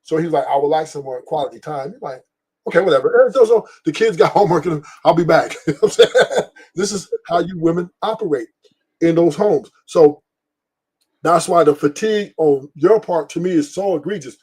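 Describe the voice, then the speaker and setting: A middle-aged man with a husky, slightly raised voice hosts a casual stream. He talks bluntly and profanely, rambles from point to point and laughs at his own stories. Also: on the high side, moderate pace, darkish tone. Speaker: podcast host. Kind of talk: casual opinion talk on a live stream.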